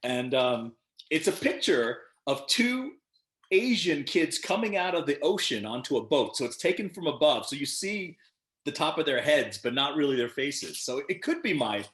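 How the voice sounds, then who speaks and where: A man's voice: on the high side, moderate pace. A man in his fifties, a guest on a video call interview, telling stories with lots of laughter and acting out the quotes. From United States. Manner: animated storyteller who laughs often and acts out the quotes. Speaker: actor guest. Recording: echoey room.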